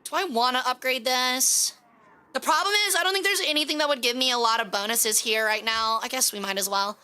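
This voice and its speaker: Woman streamer, high, bright voice, chatty and profane gaming commentary. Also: fairly quick. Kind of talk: casual gaming livestream commentary.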